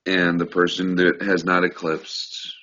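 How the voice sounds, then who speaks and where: A man's voice: deep voice, flat delivery, measured pace, sharp tone. A man co-hosting a fantasy football recap, joking and teasing in casual chat. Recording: dull lo-fi recording.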